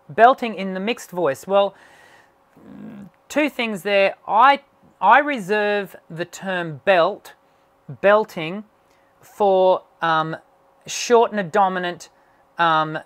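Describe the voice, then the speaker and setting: A middle-aged male voice teacher taking questions during a live online session. His voice sounds strained and worn as it recovers from dysphonia. He explains at length, often pausing on fillers and restarting sentences. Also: high voice, a bit bright.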